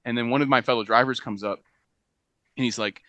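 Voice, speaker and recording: A young man telling a work anecdote on a podcast, animated, often laughing and acting out what people said. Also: medium pitch, brisk, no echo. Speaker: podcast co-host. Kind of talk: casual storytelling chat.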